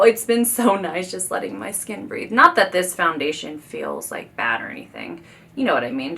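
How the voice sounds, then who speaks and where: A woman's voice: on the low side, vocal fry, fairly bright tone, slight background noise. A woman in her thirties chatting to viewers while doing her makeup at home, gushing and confiding. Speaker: beauty vlogger. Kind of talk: chatty get-ready-with-me talk.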